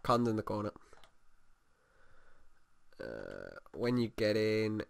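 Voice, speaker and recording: A man's voice: lowish voice, huge pitch swings, slow pace, vocal fry, clean tone, dry recording. A man giving casual let's play commentary, rambling and humming to himself as he plays. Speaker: gamer.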